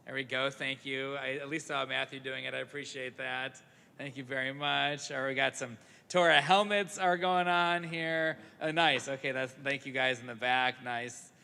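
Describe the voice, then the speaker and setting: A man with a fairly high, bright, forceful voice leads a family service in a synagogue sanctuary, telling the congregation a story with playful, jokey asides. The live broadcast carries the echo of the sanctuary.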